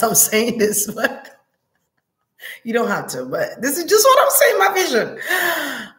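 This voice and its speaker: A woman giving an intuitive reading, musing aloud in a halting way and often pausing to search for words. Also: medium pitch, reverberant. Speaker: psychic reader.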